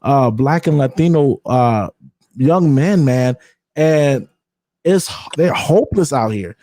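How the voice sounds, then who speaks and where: A man's voice: mid-range voice, animated, slow, mellow, dry recording. A man hosting a podcast in casual conversation, talking candidly and emphatically with slang and repeated words. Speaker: podcast host.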